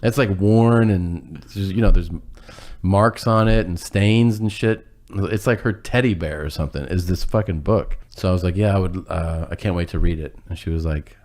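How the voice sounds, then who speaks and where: A man's voice: low-pitched, moderate pace, darkish tone. A man telling a rambling, self-deprecating story in casual chat, acting out what people said and laughing as he goes.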